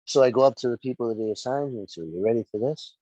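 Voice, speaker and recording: A middle-aged man in casual podcast chat, telling a story with lively acted-out quotes and plenty of swearing. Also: medium pitch, fast, no echo, lo-fi sound. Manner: animated storyteller, acts out quotes, profane. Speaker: wrestling referee and podcast guest.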